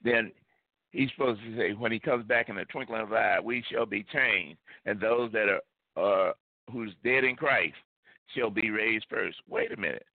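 A man's voice: medium pitch, no echo. A male pastor preaching a sermon with emphasis, repeating key phrases. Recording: tinny phone-like line, dry.

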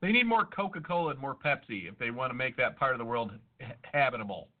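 A podcast co-host chats casually and profanely, arguing, joking, and swearing a lot. His medium-pitched voice is lively and quick, and the audio sounds tinny, like a phone.

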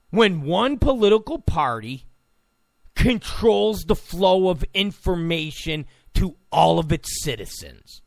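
A man's voice: high voice, creaky, no echo, clean studio sound. A man delivering a political opinion monologue in an emphatic, repetitive, ranting way. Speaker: political commentator.

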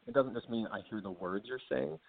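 Author guest, male, deeper voice, earnest and quick to laugh, phone-line sound. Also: breathy edge, no room sound. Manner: earnest, quick to laugh, acts out example dialogue. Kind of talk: explanatory interview talk. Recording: dry, tinny phone-like line.

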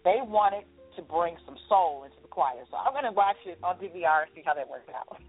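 A woman guest chats eagerly on a radio show, her voice husky and a little breathy. The sound is narrow and thin, like a phone line. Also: on the low side, animated, brisk, soft background music. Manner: chatty, enthusiastic. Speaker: show guest, segment reporter. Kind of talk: casual radio chat.

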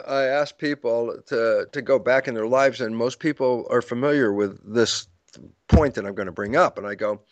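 A man's voice: mid-range voice, dry recording. A man as an interview guest, explaining ideas like a lecturer, acting out quoted dialogue and chuckling at his own points. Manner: storytelling lecturer who acts out quoted dialogue. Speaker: guest author.

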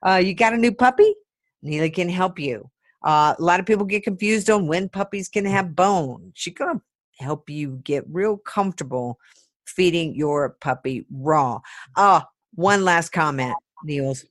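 A woman hosting a podcast in casual chat, giving brisk, emphatic advice. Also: on the low side, animated. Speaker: podcast host.

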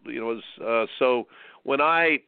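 A man in his seventies from Indiana, hosting a radio tennis show and telling stories with bursts of excited exclamations. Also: mid-range voice, unhurried, vocal fry, clear, resonant tone, no echo. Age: 70s. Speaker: tennis coach and host. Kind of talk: radio show interview, storytelling. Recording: tinny dry phone line.

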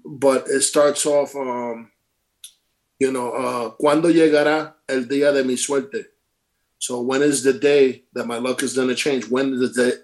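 A middle-aged man, a former pro ballplayer, telling stories casually in an interview, acting out quotes and swearing freely. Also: mid-range voice. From Brooklyn, New York. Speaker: former pro baseball player, guest.

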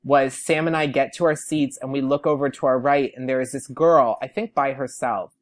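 A man's voice: mid-range voice, normal speed. Young man, podcast guest, chatty storyteller who slips into quoted voices. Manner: animated, quotes people in lively put-on voices. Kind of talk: casual storytelling.

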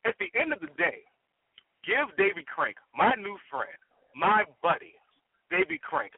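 High-voiced, brash ranting man. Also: wildly swooping pitch, unhurried, gravelly, husky. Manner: ranting, brash, trash-talking. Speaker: wrestling persona guest. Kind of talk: angry wrestling promo. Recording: tinny phone line.

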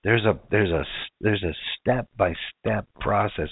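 Man, deep voice, casual sermon, keeps asking "right?", tinny phone-like recording, dry. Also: expressive, unhurried, hardly any pauses, slightly rough, dry recording. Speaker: preacher.

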